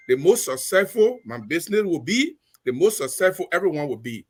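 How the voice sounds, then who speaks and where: Animated high-voiced man. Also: normal speed, few pauses, faint music behind. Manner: preachy, emphatic, repeats phrases. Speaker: talk show panelist. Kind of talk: impassioned political commentary.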